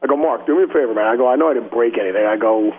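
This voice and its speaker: Appearing on a laid-back radio show, a rock guitarist tells rambling, slang-filled stories, laughing a lot and voicing the people in them. He talks rapid-fire in a husky, ordinary mid-pitched voice over slightly dull, radio-like sound.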